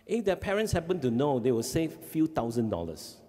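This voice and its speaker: Animated Singaporean man in a hall. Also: mid-range voice, brisk. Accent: Singaporean English. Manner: animated, acts out kids' voices, frequent "okay?" checks. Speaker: family life educator. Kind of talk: parenting seminar talk. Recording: long hall reverb.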